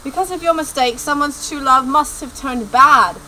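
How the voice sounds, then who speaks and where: A woman's voice: high voice, moderate pace, bright, forceful tone, slight background noise, rough recording. A woman playing a commanding male wizard professor who gives orders. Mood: reproachful. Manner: imperious, issuing orders.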